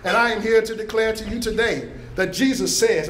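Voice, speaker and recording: High-voiced preaching man in an echoey church. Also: fairly quick, a bit bright, slight background noise. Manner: emphatic preaching delivery, raising pitch for quoted speech. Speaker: pastor. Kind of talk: first-person biblical character narration. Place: church sanctuary.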